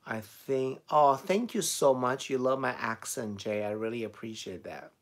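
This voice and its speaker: On a live stream, a middle-aged beauty vlogger with a Chinese accent casually reads and responds to viewers' comments, laughing often. He speaks in a mid-range voice at a moderate pace.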